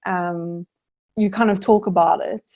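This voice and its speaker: A woman's voice: lowish voice, fairly even intonation, unhurried, dark tone, highs cut off. A young woman from South Africa, an Olympic rower, answering interview questions in an earnest, reflective way with many fillers.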